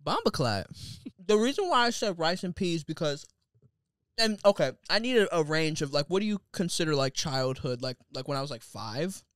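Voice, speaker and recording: A man's voice: on the high side, smooth, no echo. A young man co-hosting a podcast, chatting casually and riffing with jokes into a studio mic. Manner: joking, animated, quick to riff. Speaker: podcast co-host. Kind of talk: casual chat. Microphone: studio microphone.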